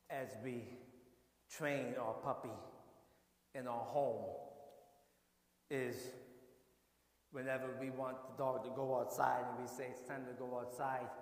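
A man preaching a sermon to his church, swinging from quiet talk up to shouted, fervent exhortation. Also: mid-range voice, reverberant, long reverb tail. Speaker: pastor. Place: church sanctuary.

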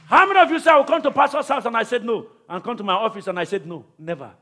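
A man preaching as pastor at a church service, calling out to the congregation with repeated phrases, then shouting prayers. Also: very high-pitched, rapid-fire, a faint crowd. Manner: repetitive, calls out to the congregation. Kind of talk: sermon and prayer.

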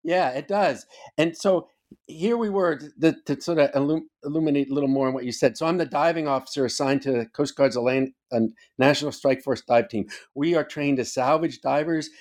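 An older man who once served as a Coast Guard officer swaps stories as a guest on a casual podcast interview. His voice runs a little high and slightly mellow, brisk in pace, and he's emphatic, cursing freely.

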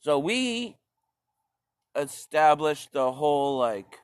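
A man's voice: fairly high pitch, very animated, slow pace, smooth, no room sound, studio quality. A man delivering a profane, sarcastic stand-up rant, rambling and swearing often. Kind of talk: profane ranting stand-up monologue.

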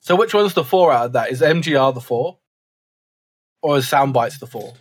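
Quippy man with a husky voice. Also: medium pitch, animated, normal speed, no room sound. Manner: quippy, joking. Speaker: podcast co-host. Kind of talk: casual podcast chat.

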